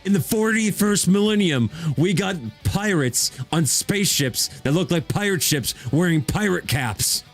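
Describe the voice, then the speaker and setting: A man's voice: high voice, animated, measured pace, soft background music. A man streaming as a VTuber in a casual chat, talking with rambling enthusiasm and frequent restarts.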